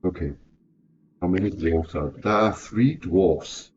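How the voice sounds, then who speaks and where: A man with a low, mellow voice thinks aloud through a solo tabletop game, hesitant and self-correcting. He talks slowly, and the recording is dull and lo-fi with a faint hiss.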